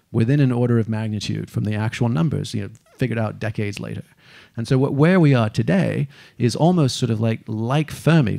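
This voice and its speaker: A man giving a lively stage talk, animated and casual, cursing now and then and acting out the people he quotes. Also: fairly low pitch, gravelly. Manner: animated, swearing, acts out quotes. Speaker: speaker.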